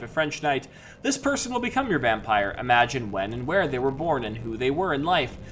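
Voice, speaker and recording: A man's voice: mid-range voice, a bit bright. A man hosting a live-streamed solo tabletop game, talking casually and rambling with many fillers. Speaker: host and game master.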